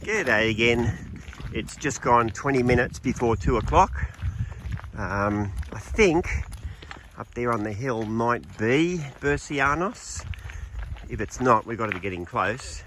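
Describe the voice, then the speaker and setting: A man, chatting casually in a travel vlog while walking outdoors, easygoing and relaxed. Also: medium pitch, takes it slowly, slight background noise. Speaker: vlogger walking a pilgrimage trail.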